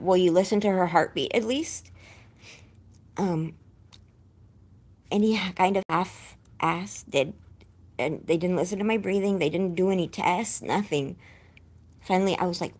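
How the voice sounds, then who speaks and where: A young woman with a husky, low-set voice tells her viewers a painful story. She rambles and restarts, sounding shaken and close to tears. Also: measured pace, long pauses, a little mellow. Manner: distressed, rambling, breaks off to scold her dog. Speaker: vlogger.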